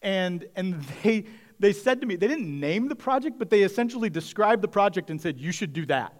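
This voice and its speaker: A pastor delivering a sermon, a man with a slightly high voice for his sex. He speaks in a conversational, reflective way and addresses his congregation directly. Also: animated, brisk.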